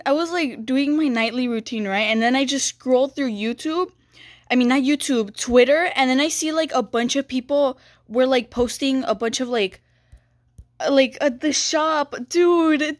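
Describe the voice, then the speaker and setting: A young woman with a high voice talks through a game, excitable and squealing, often drawing her words out slowly. The sound is dry and close to the mic, with no room around it. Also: dry recording. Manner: excitable, squealing, frequent "dude" and "oh my goodness". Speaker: gaming YouTuber. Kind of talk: excited gameplay commentary.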